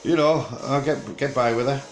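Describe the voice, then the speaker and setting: An older man with a broad Teesside accent, rambling jokily in casual chat to camera and pausing often on fillers. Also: mid-range voice, roomy sound, rough recording. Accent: Teesside English. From England. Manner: rambling, jokey and chatty, with frequent filler pauses. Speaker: vlogger.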